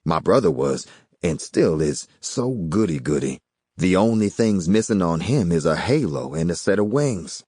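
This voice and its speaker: A man's voice: low-pitched, sing-song, moderate pace, a little mellow, no echo. A man voicing a cocky hustler with a folksy, drawling in an audiobook. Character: smooth-talking Southern man, a cocky small-time hustler. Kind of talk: audiobook character voice.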